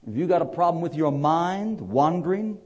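Man preaching a sermon, fairly high voice. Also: lively intonation, normal speed, breathy edge. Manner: conversational preaching with rising emphatic peaks and frequent fillers.

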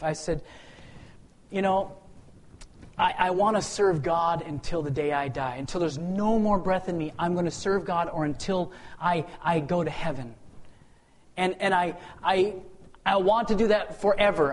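Man, high voice, testimony storyteller; animated, plays out dialogue, swings from loud to hushed, stumbles into repeats. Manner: repeats words when restarting. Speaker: speaker sharing a personal testimony.

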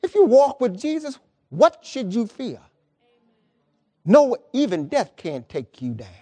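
With an extremely high pitch and huge swings in it, this mellow-voiced man preaches at a measured pace. The pastor's sermon is lively and colloquial, full of emphasis, repeated words and points driven home to the congregation.

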